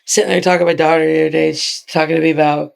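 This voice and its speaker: A woman's voice: sits low, level tone, rapid-fire, gravelly, slight background noise. A middle-aged woman, a wrestler as a guest, telling stories in casual, profane chat and laughing often.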